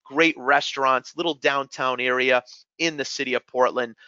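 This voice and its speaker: Presenter, man, New England accent, bright forceful voice, dry slightly dull audio, eager sales pitch. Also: fairly even intonation, moderate pace, smooth, no room sound. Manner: enthusiastic, upbeat salesman addressing "everyone". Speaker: webinar presenter. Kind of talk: live sales webinar presentation.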